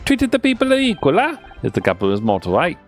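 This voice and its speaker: A shady, excitable male witness from a courtroom game speaks in a hammy put-on foreign accent, pitched well above a gravelly low voice, as a man puts him on. His lines swoop up and down, tagged with pleading little questions. Faint music plays behind. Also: fairly quick. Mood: indignant. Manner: theatrical, sing-song, pleading with 'eh?' tags.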